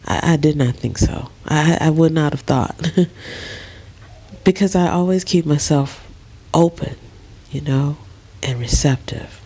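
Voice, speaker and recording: A middle-aged woman lying in bed in a dark bedroom, talking slowly and emotionally in a soft, often half-whispered voice. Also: sits low, breathy edge. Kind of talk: casual personal vlog.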